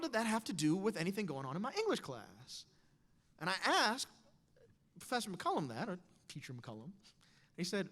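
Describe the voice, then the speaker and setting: Male speaker, thirties, wry and animated storyteller; long hall echo. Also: high voice, normal speed, long pauses. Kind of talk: storytelling talk on stage.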